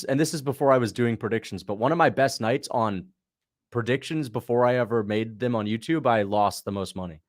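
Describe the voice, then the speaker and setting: A man's voice: medium pitch, fairly quick. A man hosting a casual watch-along livestream, chatting in a slangy way and answering viewers' questions. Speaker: livestream host.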